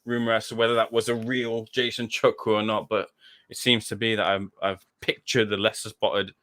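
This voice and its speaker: A man guesting on a casual podcast, telling a story with energy. His voice sits low but rings bright and forward. He acts out the people he quotes and laughs often. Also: level tone, brisk.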